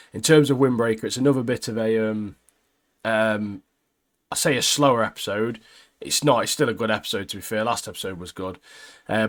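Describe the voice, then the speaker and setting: A man co-hosting a podcast, casually recapping an anime episode in a rambling way with lots of fillers. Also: lowish voice. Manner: rambling, many fillers, laughs at own retelling. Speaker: podcast co-host.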